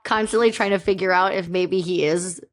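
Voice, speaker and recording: A woman co-hosting a comedy podcast, playful and quick to joke and laugh. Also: lowish voice, steady tone. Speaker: podcast co-host. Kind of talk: casual comedy chat.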